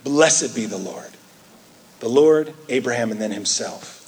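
A man preaching a sermon in an earnest way, rising into animated quoted asides. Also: mid-range voice, a little slow, slightly rough. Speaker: pastor.

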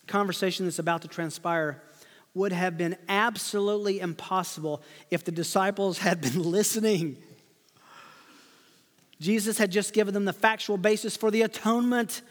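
A man preaching an expository sermon as pastor, swinging between loud rhetorical questions and hushed asides. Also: high voice, fairly even intonation, moderate pace, long reverb tail.

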